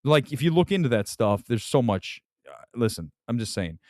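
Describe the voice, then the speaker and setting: Animated, rambling man ranting. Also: mid-range voice, normal speed, dry recording, studio quality. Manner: rambling, animated rants with sarcastic asides. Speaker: podcast host. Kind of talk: casual opinionated chat.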